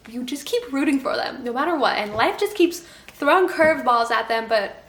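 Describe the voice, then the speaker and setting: Young woman vlogger, fairly high voice, gushing and animated, faint hiss in the background. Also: reverberant. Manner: gushing, animated, swears when excited. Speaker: book vlogger. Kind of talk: casual vlog talk.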